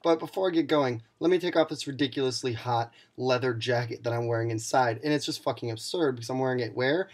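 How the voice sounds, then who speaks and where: A man's voice: medium pitch, quick pace, hardly any pauses. A young man in a profane, mock-angry comedic rant to camera, playing a league commissioner who insults his fellow video makers with sarcasm.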